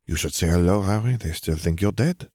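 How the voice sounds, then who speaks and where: A man voicing an affectionate, possessive young woman in a storybook reading, soft-spoken and fond. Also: deep voice, brisk, no room sound, clean studio sound. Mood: tender.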